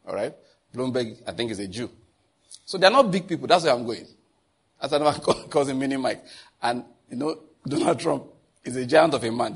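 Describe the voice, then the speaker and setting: Male preacher, husky voice, lively sermon style with laughs and asides to the room. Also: mid-range voice. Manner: animated, laughs often, asks the audience questions. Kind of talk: sermon teaching.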